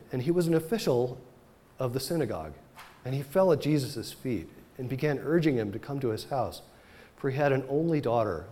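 A man pastor giving a sermon, reading scripture and retelling it with animated storytelling, dropping his voice soft for the dramatic moments. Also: mid-range voice.

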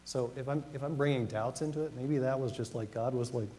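A man preaching a sermon as pastor, talking conversationally and reading scripture slowly with emphasis. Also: medium pitch, warm tone. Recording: long reverb of a hall, faint noise.

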